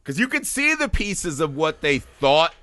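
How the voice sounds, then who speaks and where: Male podcast co-host, bright, slightly high voice, casual and profane, mocking impressions. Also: a little slow, no echo. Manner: animated, profane, laughing, slips into mocking voices. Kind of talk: casual film review chat.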